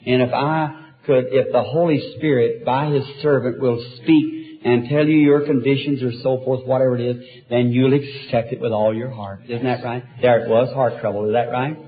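A man leading a healing service as an evangelist, speaking gently and earnestly to each person before him. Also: mid-range voice, steady tone, normal speed, hardly any pauses. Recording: tinny lo-fi archival recording.

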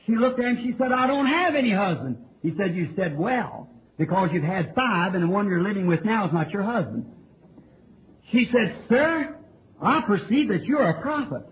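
A high-voiced man preaches a revival sermon, his pitch leaping and falling in a lively, sing-song way. He calls out questions to the congregation with fervent conviction. The sound is a tinny, phone-thin old tape recording with a faint hiss behind it. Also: normal speed. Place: church tabernacle.

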